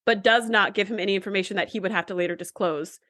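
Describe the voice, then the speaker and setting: A woman's voice: mid-range voice, steady tone, bright, forceful tone, dry recording. A woman co-hosting a podcast in casual chat, often acting out characters' lines as she recaps. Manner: chatty, quotes characters in quick re-enactments. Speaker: podcast co-host.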